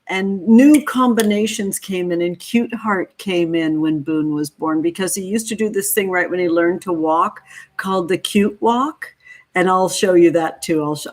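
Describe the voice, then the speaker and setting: A woman in her thirties from California hosting a tarot livestream, greeting viewers with gushing affection and calling them honey and sweetie. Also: on the low side. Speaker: tarot reader hosting a live stream.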